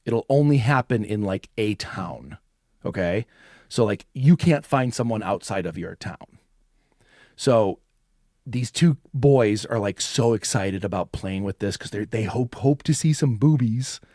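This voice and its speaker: A man's voice: lowish voice, lively intonation, measured pace, darkish tone, dry recording, clean studio sound. A man co-hosting a podcast, rambling and swearing in casual chat, says like a lot. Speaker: podcast co-host.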